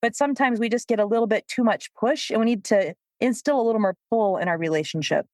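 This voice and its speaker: A woman co-hosting a podcast, a dog trainer telling stories with a lively manner and frequent laughter. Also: on the high side, fast, dry recording, clean studio sound. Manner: lively storyteller, laughs often. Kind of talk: casual podcast chat.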